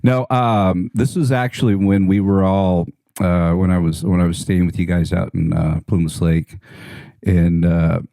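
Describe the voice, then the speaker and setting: A man's voice: deep voice, fairly even intonation, a little slow, vocal fry, dark tone, no room sound. Swearing, rambling man. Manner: rambling, swears freely, laughs at own story. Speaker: podcast guest. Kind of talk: casual storytelling.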